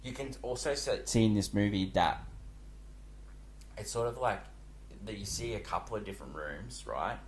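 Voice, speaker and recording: Low-voiced man chatting about films. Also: normal speed, pauses often, slight background noise. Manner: rambling, many fillers and restarts. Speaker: podcast co-host. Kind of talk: casual film discussion.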